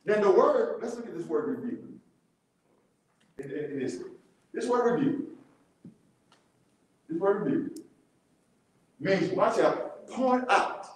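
Animated high-voiced man teaching in an echoey church. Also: takes it slowly, pauses often. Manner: animated, laughing often, repeating key words. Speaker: Bible study teacher. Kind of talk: church Bible study teaching. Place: church room.

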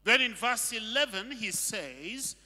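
A man's voice: sits high, animated, slow, pushed and bright. A male pastor preaching a sermon, emphatic and full of rhetorical questions. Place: church hall. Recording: long reverb of a hall.

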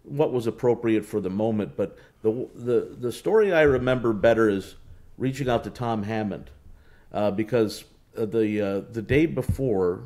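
A man with a fairly low voice speaks as a race announcer being interviewed. He tells his stories loosely, circling back with fillers and restarts. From United States. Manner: relaxed storytelling with many restarts and fillers. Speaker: horse racing announcer, guest. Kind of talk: casual interview talk.

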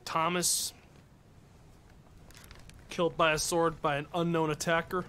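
A man with a high, bright, forceful voice streams a mystery game, reasoning aloud and talking straight to his chat. Game music plays faintly behind him. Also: little pitch movement, measured pace, pauses often. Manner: thinks aloud, talks to chat. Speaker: gaming streamer. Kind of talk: casual live-stream commentary.

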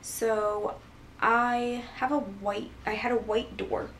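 A woman vlogger tells a personal story in a loose, rambling way, full of fillers and restarts. Her voice stays level and mid-pitched with little rise or fall. She sits a little back from the mic, with a faint hiss in the background. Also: little pitch movement, takes it slowly, fairly bright tone, far from the mic, low-quality recording. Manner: rambling, filler-heavy retelling. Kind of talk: casual storytelling.

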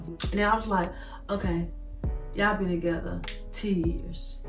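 A woman's voice: fairly low pitch, steady tone, unhurried, reverberant, far from the mic, soft background music. A woman vlogger telling an emotional storytime, candid and rambling, speaking straight to her viewers. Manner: talks straight to viewers as "y'all".

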